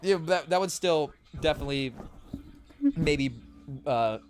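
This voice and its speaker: A man's voice: fairly high pitch, a little slow. A man hosting a podcast, talking casually and rambling to his chat, searching for words as he goes. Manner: rambling, with fillers and restarts, addressing the chat. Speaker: podcast host.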